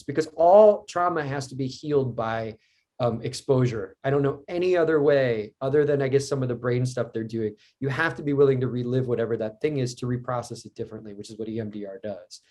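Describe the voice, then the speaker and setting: A man's voice: medium pitch, darkish tone. A man as a podcast guest, speaking candidly and reflectively in casual conversation.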